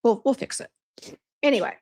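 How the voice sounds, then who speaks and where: A warm-toned woman talks a little fast while hosting a beauty brand's casual livestream. She reads viewer comments aloud between bouts of chatting and venting.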